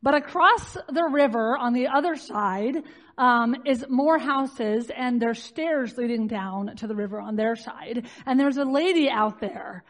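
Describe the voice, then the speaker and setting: A woman telling a personal story to a live audience in an animated, chatty way, with frequent "like" fillers, often laughing at herself. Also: fairly high pitch, measured pace. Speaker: speaker addressing a live audience.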